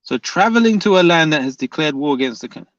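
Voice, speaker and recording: A man's voice: fairly high pitch, animated, quick pace, a bit bright, dry recording, highs cut off. A man streaming live, reading viewer comments aloud and arguing back, repeating his questions at the commenters.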